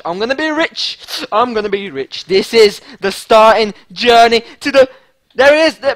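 A man with a high voice, commentating his own gameplay at a desk mic with breathless excitement. He stammers and swings between shouting and near-whispers. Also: normal speed. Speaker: gaming channel host.

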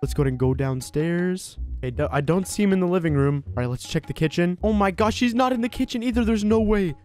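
A man giving excitable let's play commentary, narrating his own moves in the first person with frequent exclamations. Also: sits high, quick pace, faint music behind. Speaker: gaming video creator.

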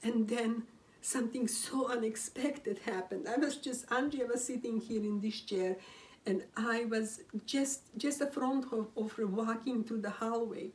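Her voice is on the high side with a darkish tone, picked up by a distant mic as she sits at home. A grieving widow near tears, she slowly relates a personal story in the first person, halting, restarting often, and whispering some phrases.

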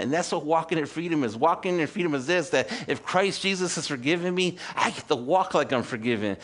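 A pastor in his fifties with a high voice preaches a sermon to a church congregation. He swings from loud, emphatic moments to quiet asides, asking rhetorical questions and calling for amens.

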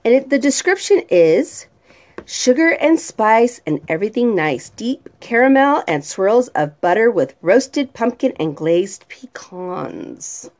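Slow-talking, lively-pitched woman vlogger. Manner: chatty, drawn-out, reads product descriptions aloud. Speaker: vlogger reviewing home fragrance products. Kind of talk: casual chat.

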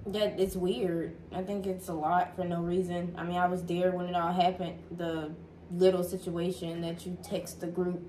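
Young woman, soft and low-key, roomy echo with light noise. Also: little pitch movement, moderate pace. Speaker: family member joining the talk. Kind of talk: casual chat. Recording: echoey room with faint noise.

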